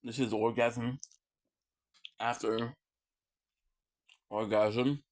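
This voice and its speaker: A man's voice: medium pitch, flat delivery, extremely slow. A man streaming and chatting casually while he eats, joking and rambling with lots of fillers and murmurs of enjoyment. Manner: joking and rambling, with many fillers and food sounds.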